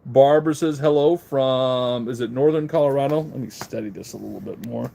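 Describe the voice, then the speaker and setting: A man's voice: mid-range voice, a little fast, vocal fry, dark tone. A middle-aged man hosting a live online auction stream, chatting casually and greeting viewers by name, his mouth a bit numb after dental work. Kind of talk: casual livestream chat, reading viewer comments. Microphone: handheld phone camera.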